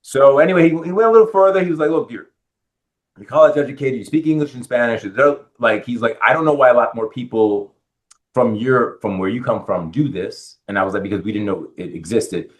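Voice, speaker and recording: Here a middle-aged real estate lender from the Bronx, New York, speaks as a podcast interview guest. With a medium-pitched voice at a fairly quick pace, he animatedly recounts his story and performs the lines others said to him.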